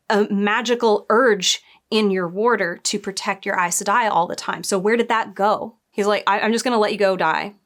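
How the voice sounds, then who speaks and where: A woman casually reviewing a TV episode against the books, exasperated and sarcastic, often mocking the characters in quoted voices. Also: a little high. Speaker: book and TV show reviewer.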